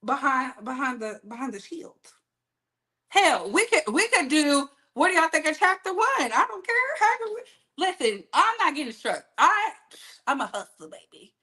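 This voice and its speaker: A woman hosting a casual gossip livestream, animated and laughing often as she talks straight to her chat. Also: high-pitched, moderate pace.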